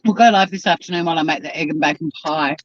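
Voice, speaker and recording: Talking rapid-fire in a fairly high voice, a man rambles on his own YouTube live-stream, eating and speaking with his mouth full. His home camera mic produces dull, dry, lo-fi sound.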